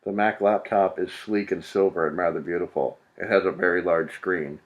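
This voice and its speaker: A man's voice: low voice, steady tone, normal speed, muffled recording. A man reading a novel aloud for comedy, breaking off into profane, exasperated, mocking commentary. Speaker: comedic reader.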